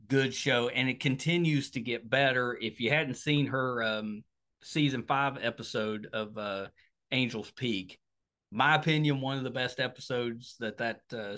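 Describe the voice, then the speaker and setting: Middle-aged west virginia guy hosting a podcast, bright forceful voice, lots of uh and um, rambly. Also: medium pitch. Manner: rambling, with many fillers and restarts. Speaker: podcast host. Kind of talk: casual podcast outro and promo.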